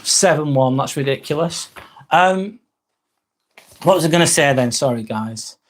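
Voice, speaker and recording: On a live stream, a middle-aged man with an English accent rambles casually and reads out viewer comments. He sounds animated, his voice on the high side and his delivery a little slow, with slight background noise.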